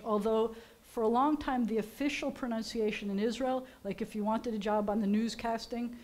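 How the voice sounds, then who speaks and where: A woman's voice: a little high, a little mellow. A woman rabbi, chatting playfully as she teaches Hebrew letters at a service. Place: synagogue sanctuary.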